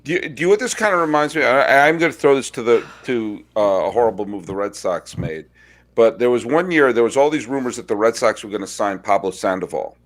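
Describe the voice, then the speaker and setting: A man hosting a sports podcast, chatting casually and telling wry stories with quick asides. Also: mid-range voice, lively intonation. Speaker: podcast host.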